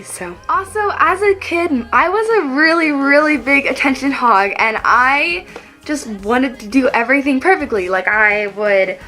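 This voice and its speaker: A teenage girl from Texas talks to the camera as a vlogger, her high voice bright and forceful. She tells childhood stories in a chatty, giggly way, acting out the things she used to say as a kid.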